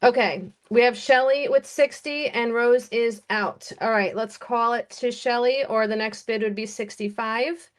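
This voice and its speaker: A woman with an American accent running a live-stream jewelry auction, chatty and unhurried as she calls bids and describes each piece. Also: a little high.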